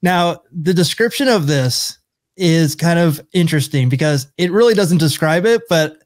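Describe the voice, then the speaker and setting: A man's voice: on the high side, animated, normal speed, dry recording. A man co-hosting a podcast, chatting casually and searching for words as he describes a beer. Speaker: podcast co-host. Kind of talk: casual chat.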